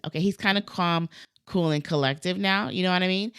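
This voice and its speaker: A woman coaching on cleaning businesses, telling a story to camera in a casual, animated way and acting out the quoted dialogue. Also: fairly low pitch, a little fast, clear, resonant tone. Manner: animated, acts out quoted dialogue, frequent "like" and "right?".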